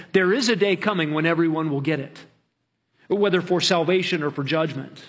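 A man pastor preaching a sermon, earnest, slowing down to stretch key words. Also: a little high.

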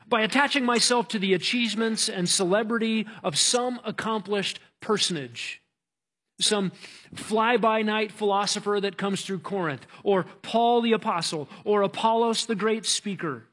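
High-voiced man preaching an earnest sermon. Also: normal speed, a bit bright. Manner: earnest, emphatic preaching with frequent restarts. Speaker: pastor.

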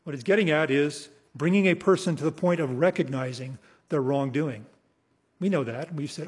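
A male preacher giving an expository sermon, emphatic, slowing down to read scripture and trailing off softly at the ends of phrases. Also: fairly high pitch, breathy edge. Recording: long hall reverb.

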